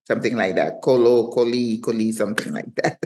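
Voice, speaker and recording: A woman in her sixties with a French accent, a retirement travel vlogger, tells a travel story to camera from her living room. She is chatty and pokes fun at herself. Her voice is bass and mellow, at a normal speed.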